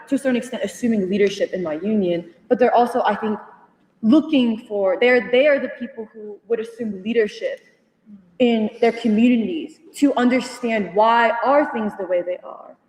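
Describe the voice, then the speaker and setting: A young woman retelling a conversation to a study group, animated and full of fillers, laughing as she goes. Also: on the high side, moderate pace. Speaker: union member sharing at a study group. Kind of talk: casual storytelling in a group discussion. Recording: echoey hall, voice from far off.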